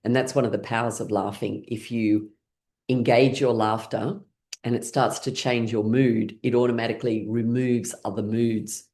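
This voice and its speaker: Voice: medium pitch, flat delivery, moderate pace, darkish tone. A playful, middle-aged instructor guiding an online laughter class over a video call. They talk in an easy, upbeat way, break into laughter often, and lead the group through counts and chants.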